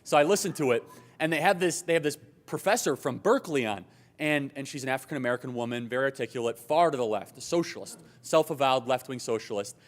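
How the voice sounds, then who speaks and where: A man giving a persuasive political speech at a hotel conference and taking audience questions, talking emphatically and briskly. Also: medium pitch. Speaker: conference speaker.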